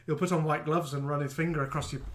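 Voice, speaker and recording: A man co-hosting a live chat show, chatty and jokey, reading out viewer names with quick asides. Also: on the high side, steady tone.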